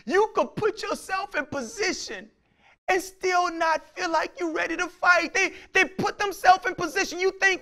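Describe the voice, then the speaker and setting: High-voiced bright male preacher. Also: a little slow. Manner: preaching that swings from quiet talk to shouts; colloquial, acts out voices of his listeners. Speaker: pastor. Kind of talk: sermon.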